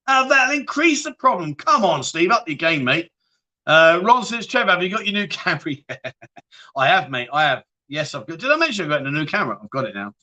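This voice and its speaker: A man hosts a relaxed livestream, joking and laughing through viewer comments. His voice is bright and forceful and sits slightly high for a man. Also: normal speed. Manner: jokey, laughing, banter with viewers. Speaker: livestream host. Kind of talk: casual livestream chat reading viewer comments.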